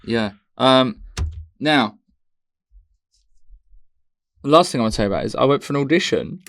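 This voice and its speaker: A man's voice: mid-range voice, animated, moderate pace, a bit bright, dry recording, clean studio sound. A man co-hosting a casual comedy podcast, telling anecdotes with bursts of laughter. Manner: chatty storyteller, bursts of laughter. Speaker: podcast co-host.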